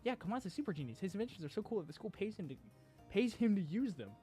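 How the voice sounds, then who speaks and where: A man voicing a bubbly, cheerful teenage girl student in a game, with a high, chirpy, excitable manner. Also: fast talker, soft background music.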